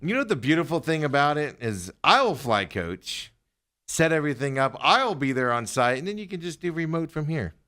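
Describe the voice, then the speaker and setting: A man's voice: on the high side, big pitch swings, a little fast, bright, forceful tone. A man hosting a casual sports talk show, rambling and trailing off as he talks. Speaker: podcast host.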